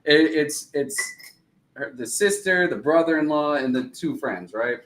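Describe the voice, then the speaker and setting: Animated, profane joking man. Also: fairly high pitch, measured pace, rough recording. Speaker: co-host. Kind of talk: casual chat.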